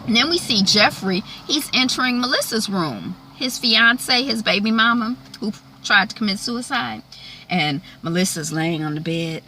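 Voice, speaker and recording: Woman, casual TV recap, chatty, very bright, lively pitch. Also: normal speed, slight background noise. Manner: chatty, animated, many fillers. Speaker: show recapper.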